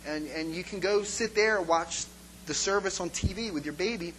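A man's voice: high voice, moderate pace, fairly bright tone, a little hiss or hum, poor audio. A man voicing an overly polite church usher with a chirpy, scripted welcome.

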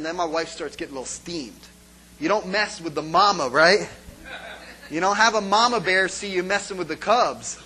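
A man's voice: high-pitched, normal speed, a little hiss or hum, rough recording. A man giving an informal sermon as a pastor, telling stories and acting out scenes for his congregation. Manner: animated storytelling, acts out scenes.

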